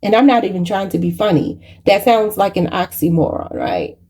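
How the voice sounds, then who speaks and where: A woman's voice: medium pitch, moderate pace, mellow, breathy edge. A woman giving a channeled tarot reading, emotional and preachy, choked up and near tears, calling her viewers y'all. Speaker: tarot reader.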